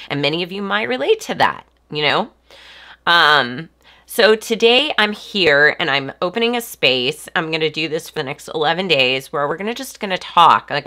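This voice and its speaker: A woman's voice: low voice, bright, forceful tone. A woman in her forties with a stuffy, congested voice, hosting a live stream and talking in a casual, reflective way with lots of ums and restarts. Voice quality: nasal. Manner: hesitant, many ums and restarts.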